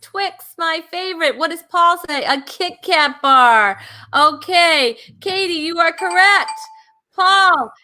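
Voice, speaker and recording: Chatty woman hosting a candy bar game, laughs a lot, bright voice. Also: very high voice, takes it slowly. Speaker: comedy show host. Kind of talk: casual game show banter.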